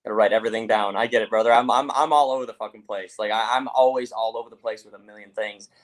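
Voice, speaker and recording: Fast-talking man coaching on a podcast. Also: lowish voice, fairly even intonation. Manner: rapid, coaching, asks pointed questions, swears freely. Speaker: mental health coach, host. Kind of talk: casual podcast chat.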